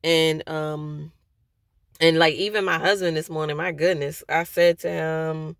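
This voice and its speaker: A woman venting candidly to her viewers from a parked car, hesitant, with many pauses and restarts. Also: low voice, fairly even intonation, creaky, no room sound, clean studio sound. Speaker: vlogger.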